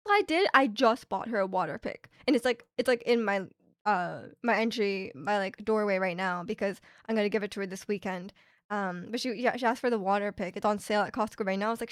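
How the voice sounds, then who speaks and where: A young woman streaming from Canada tells a rambling, chatty story packed with fillers and restarts. Her medium-pitched voice is animated and brisk, captured on a streaming microphone in studio quality with no room sound.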